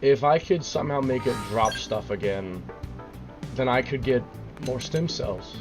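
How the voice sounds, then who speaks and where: A young man streams a game live in slow, drawn-out speech, baffled and swearing as he repeats himself. His voice cracks and cuts out when he tries to speak up. Faint game music plays under his desk-mic talk. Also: mid-range voice, lively intonation. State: voice cracking and cutting out.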